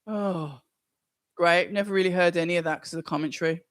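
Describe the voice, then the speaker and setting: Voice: mid-range voice, brisk, fairly bright tone, no echo, clean studio sound. Chatty live stream host. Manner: casual, chatty, thinks aloud. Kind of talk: live watch-along chat, reading viewer comments aloud.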